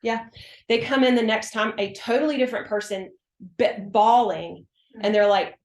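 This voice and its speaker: A woman's voice: medium pitch, steady tone, brisk. A woman working as a hormone health practitioner, chatting emphatically in an interview and acting out her exchanges with patients. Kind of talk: casual interview explanation. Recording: roomy echo.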